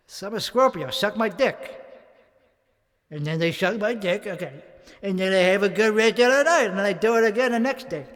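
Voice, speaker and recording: A man from Chicago, rambling and swearing through a mock-angry monologue between karaoke songs, contradicting himself as he goes. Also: sits high. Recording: long reverb with faint music behind.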